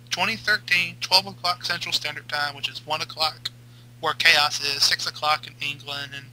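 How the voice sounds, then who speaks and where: Bright-voiced joking podcast guy. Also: on the high side, poor audio. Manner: joking, rambling, rushes through asides. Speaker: podcast co-host. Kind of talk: casual podcast chat.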